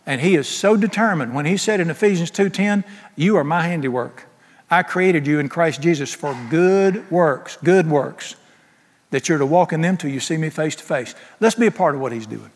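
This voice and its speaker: Speaking at a normal speed, a middle-aged preacher with a voice on the high side for a man gives a forceful, down-home sermon. He breaks into humorous asides, and the sound reverberates at length like a large church hall.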